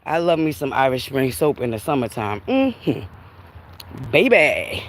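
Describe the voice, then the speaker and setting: A woman's voice: rumbling low, slow, slight background noise. A woman chatting and laughing with viewers on a livestream while walking outdoors by a river, a bit winded from the heat. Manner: chatty, animated, laughs often, talks to viewers as Buttercups. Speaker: livestream host. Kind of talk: casual walking livestream chat.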